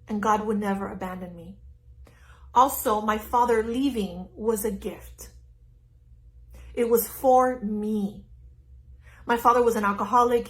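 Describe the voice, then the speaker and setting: A middle-aged woman giving an earnest, animated live-stream talk as a spiritual teacher, speaking into her phone. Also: a little high, poor audio. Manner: earnest, animated, laughs easily. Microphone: phone on a stand.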